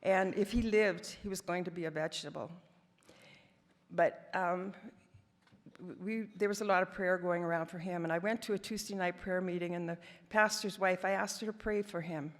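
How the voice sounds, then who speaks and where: A woman's voice: on the low side, fairly even intonation, moderate pace. A woman in her seventies from Canada, giving a personal testimony as guest speaker, telling stories with wry, self-deprecating humor. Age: 70s. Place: large hall. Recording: long hall reverb.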